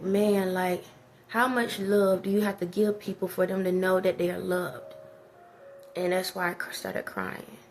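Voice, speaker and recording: Gravelly-voiced woman vlogging. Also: mid-range voice, slight background noise. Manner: emotional, rambling, preachy. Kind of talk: casual personal vlog talk.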